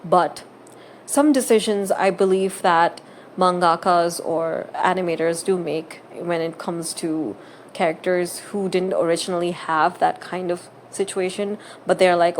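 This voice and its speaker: A woman's voice: on the low side, steady tone, measured pace, a little hiss or hum. A woman who makes gaming videos, talking through her opinions in casual, earnest and emphatic commentary.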